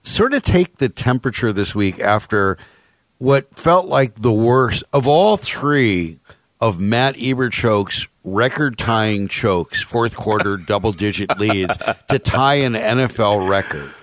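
A man's voice: on the low side, animated, takes it slowly, no room sound. A man hosting a sports radio show, giving wry, sardonic commentary.

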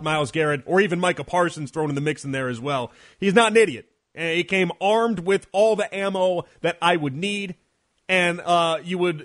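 A male sports radio host with a high voice for a man pushes his point hard. He hammers home each argument and keeps circling back to the same phrases for emphasis, like someone talking straight into a studio microphone. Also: fairly bright tone. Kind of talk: opinionated radio monologue. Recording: radio broadcast.

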